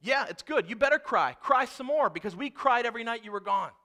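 A man's voice: high voice, sing-song, fairly quick, sharp tone, exaggerated voice. A preacher voicing an angry father with a Southern accent who taunts his returning son. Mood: angry, taunting. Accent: Southern US (put on). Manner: taunting, barking.

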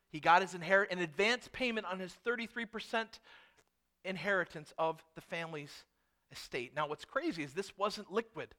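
A middle-aged man preaching a sermon, telling a story with lively delivery. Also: high-pitched, moderate pace. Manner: animated storytelling, acts out quotes. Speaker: pastor.

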